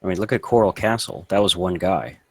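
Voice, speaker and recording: Very low-voiced man explaining matter-of-factly. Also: lively intonation, fairly quick, fairly bright tone, slightly rough, dry recording. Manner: confident, explanatory, matter-of-fact with casual swearing. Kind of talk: casual chat.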